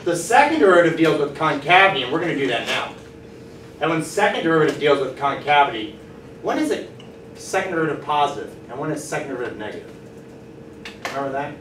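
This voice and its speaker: A man's voice: a little high, quick pace. Encouraging male math teacher, distant and roomy. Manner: lively, encouraging, asks the class questions. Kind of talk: classroom lecture. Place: classroom. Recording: roomy classroom from far off, faint noise.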